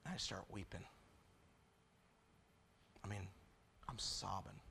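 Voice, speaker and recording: A man preaching a testimony sermon, quiet and confessional at times, building to loud, fervent preaching. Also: low-pitched, slow, vocal fry, slight background noise.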